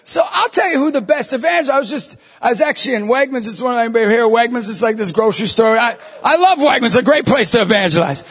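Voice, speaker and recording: High, gravelly man in a reverberant hall. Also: fast, hardly any pauses. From New York State. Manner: animated, jokey, acts out voices and quotes. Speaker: Catholic lay minister. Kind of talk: humorous talk to a live audience.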